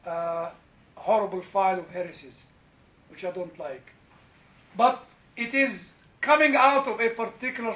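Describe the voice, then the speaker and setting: Older man lecturing, high bright voice. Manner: anecdotal, digressive, laughs often, many "you know" fillers. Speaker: theology lecturer. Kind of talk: informal lecture with class interaction. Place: classroom. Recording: dull, roomy lecture-hall recording.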